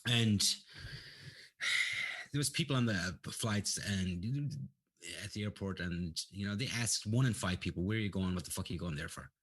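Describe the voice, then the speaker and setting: A man's voice: fairly low pitch, measured pace, a bit bright, breathy edge. A man, telling rambling stories full of profanity in a casual chat. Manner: profane, ranting storyteller. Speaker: guest.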